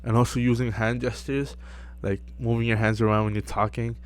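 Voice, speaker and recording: A young man giving casual self-improvement advice to camera, relaxed and full of fillers, often checking in with "right?". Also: mid-range voice, brisk. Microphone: close mic.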